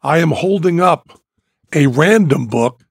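A man's voice: a little high, animated, measured pace, gravelly, husky, dry recording, studio quality. An older man co-hosting a podcast in casual chat, talking emphatically and checking in with "okay?". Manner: emphatic, punctuates points with "okay?". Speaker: podcast co-host.

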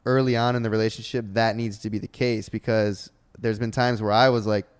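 A man's voice: lowish voice, flat delivery, brisk, clear, resonant tone. A man in his twenties co-hosting a podcast, teasing his friend with wisecracking banter in casual chat. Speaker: podcast co-host.

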